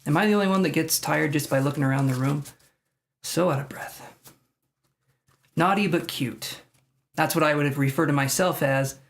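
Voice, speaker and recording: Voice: mid-range voice, normal speed, creaky, pauses often. A tarot reader hosting a casual live stream from home, chatting with viewers by name and making jokes at their own expense. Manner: chatty and self-joking, addressing viewers by name.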